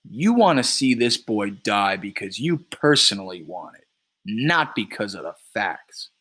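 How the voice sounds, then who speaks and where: A man reading a play aloud, voicing a calm and quietly firm male juror. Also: on the low side, husky, full character voice. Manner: calm, measured.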